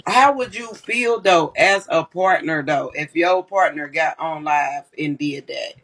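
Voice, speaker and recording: A man's voice: a little high, unhurried, a bit bright. A man speaking bluntly and emphatically, with profanity, as a live stream co-host. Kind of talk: casual commentary.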